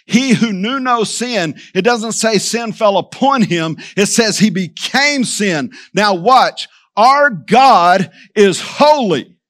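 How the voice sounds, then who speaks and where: A man's voice: high voice, expressive, takes it slowly, a bit bright. A man preaching a sermon in a church, repeating phrases for emphasis and speaking straight to the congregation. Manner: preaching with emphatic repetition, addressing the church directly. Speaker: pastor.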